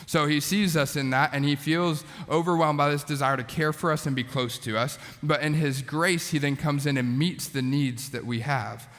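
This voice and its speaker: A man in his thirties, a youth pastor, preaching to students in a conversational, animated way with casual asides. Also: on the high side, moderate pace, few pauses. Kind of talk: sermon to students. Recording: long hall reverb.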